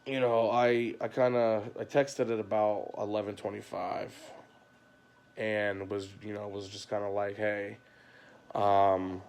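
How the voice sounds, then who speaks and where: A man's voice: on the low side, flat delivery, unhurried, darkish tone, smooth. A father venting in a rambling, frustrated late-night livestream monologue from home, full of "you know" and "like", recorded on a phone. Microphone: phone camera.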